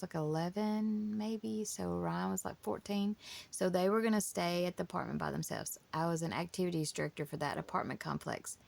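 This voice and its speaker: A woman's voice: lowish voice, vocal fry, darkish tone. A woman, telling her family story in a casual, emotional, rambling way. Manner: emotional, rambling with many restarts.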